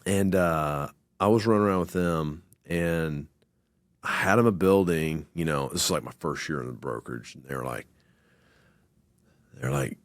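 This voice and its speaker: A man hosting a casual interview, telling animated, slangy anecdotes full of acted-out quotes. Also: very deep voice, normal speed, dry recording, clean studio sound. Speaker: host.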